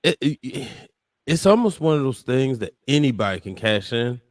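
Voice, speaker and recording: A man co-hosting a podcast in casual chat, explaining his points in an easygoing, relaxed way. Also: medium pitch, moderate pace, dry recording, clean studio sound. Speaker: podcast co-host.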